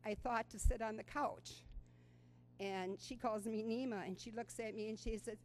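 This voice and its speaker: A woman's voice: fairly high pitch, fairly even intonation, normal speed, a little mellow, slight background noise, rough recording. Older woman telling an earnest story. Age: 60s. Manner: earnest storyteller with frequent ums. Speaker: program participant giving a testimonial. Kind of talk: personal testimony speech to an audience. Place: school auditorium.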